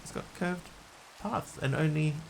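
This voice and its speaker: A man's voice: fairly high pitch, measured pace, creaky, a little mellow, a little hiss or hum. A man streaming a video game live, chatting casually and thinking aloud in muttered asides. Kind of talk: casual live gameplay commentary.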